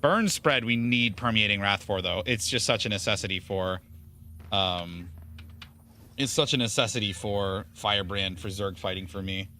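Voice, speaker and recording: A man's voice: on the low side, normal speed, pushed and bright, a little hiss or hum. A man streaming a video game, chatting casually and rambling with viewers in a self-deprecating way. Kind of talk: casual gaming stream chat.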